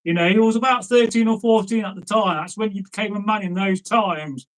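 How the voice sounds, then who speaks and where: A man's voice: sits high, a little fast, low-quality recording. Chatty male folk-tale storyteller. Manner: chatty, rambling, frequent "you know" asides to listeners.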